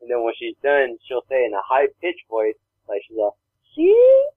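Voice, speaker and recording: A man's voice: medium pitch, a little fast, husky, no room sound. A man co-hosting a casual chat, telling rambling stories and acting out other people's voices. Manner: rambling storyteller, acts out voices. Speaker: podcast co-host. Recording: dry, phone-like narrow sound.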